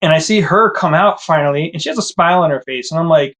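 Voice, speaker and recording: A man telling his own story in a casual, animated way, acting out his past thoughts with sudden rises in pitch. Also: fast.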